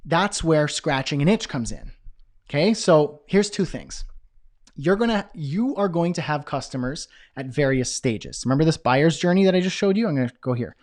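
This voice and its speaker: Upbeat, higher-voiced male coach. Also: moderate pace. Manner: energetic, conversational, frequent "okay?" check-ins. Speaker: business coach. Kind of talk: live-streamed teaching with chat questions.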